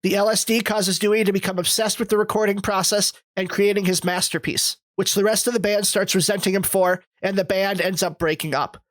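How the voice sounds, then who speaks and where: A podcast co-host reads out a film's plot summary at a steady, measured pace. The delivery stays in a middle register. The sound is close and dry. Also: mid-range voice, dry recording, rough recording. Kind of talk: reading a plot summary, then casual discussion.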